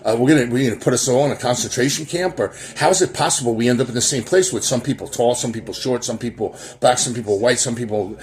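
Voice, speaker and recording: A man's voice: mid-range voice, fast talker, hardly any pauses. A man hosting his own show, giving heated, rambling political commentary full of restarts and trailing fillers. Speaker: host.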